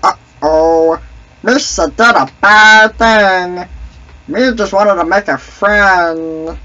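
A man's voice: sits high, drawn-out words, bright, forceful tone, lo-fi sound, exaggerated voice. A young man voicing a goofy, clumsy male alien sidekick in a squawky, cracked voice with broken grammar, taunting other players. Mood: silly. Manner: taunting, trash-talking.

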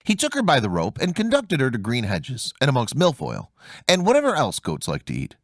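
A man narrating a fairy tale audiobook in an expressive storytelling manner. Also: medium pitch, brisk, no echo, clean studio sound. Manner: expressive storytelling, voicing each character.

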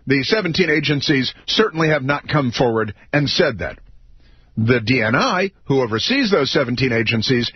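A man's voice: medium pitch, husky, no echo. A man hosting political talk radio, sarcastic, mocking and combative. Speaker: radio talk show host. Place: radio studio. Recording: dry, slightly dull studio audio.

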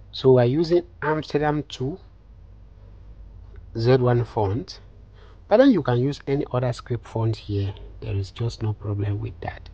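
A man calmly talking through a phone design tutorial step by step, with many fillers. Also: medium pitch, breathy edge, lo-fi sound. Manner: calm step-by-step instructions with frequent fillers. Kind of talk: screen-recorded software tutorial.

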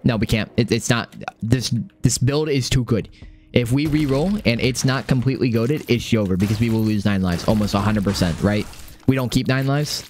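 A young man giving casual live gameplay commentary, excitable and swearing often, repeating phrases under pressure. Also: mid-range voice, moderate pace, soft background music. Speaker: gaming streamer.

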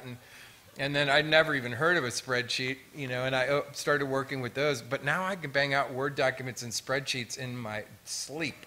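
Bright-voiced man telling stories. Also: medium pitch, a little hiss or hum. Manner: lively storytelling with humor. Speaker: fire artist and pyrotechnician. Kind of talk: symposium talk with stories. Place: museum auditorium.

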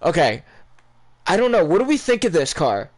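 A young man giving casual, rambling live reactions to video game items, excitable and full of ums. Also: fairly high pitch, normal speed. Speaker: gaming YouTuber.

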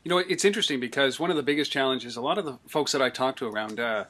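A man's voice: medium pitch, very fast, a bit bright. A man hosting an interview. He thinks aloud in a hesitant way, with many fillers. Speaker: interviewer, host. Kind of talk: casual interview talk.

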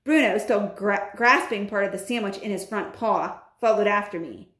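A woman, a teacher, reading a children's novel aloud in an expressive storybook manner. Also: mid-range voice, moderate pace. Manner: expressive, with lively intonation. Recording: roomy echo.

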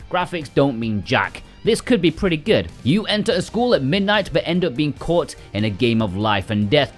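A man hosting a game release roundup in casual scripted commentary, full of sarcastic joking asides. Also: mid-range voice. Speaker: game release news host.

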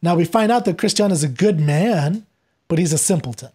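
A man talking as a podcast guest, retelling a play in a lively conversational way and acting out the characters' lines as he goes. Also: a little high, fairly quick, breathy edge. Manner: animated, acts out quoted lines while retelling. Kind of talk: conversational literary discussion.

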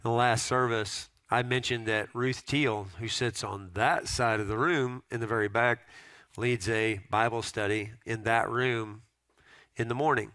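A man's voice: medium pitch, steady tone, unhurried, sharp tone, smooth, no echo. A pastor preaching a sermon to his congregation, telling stories and repeating pointed questions.

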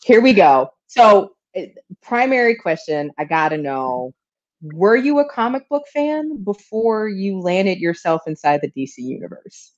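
A woman hosting an interview, chatty and quick to laugh as she asks her questions. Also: mid-range voice, big pitch swings, muffled recording. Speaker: host. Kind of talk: casual interview chat.

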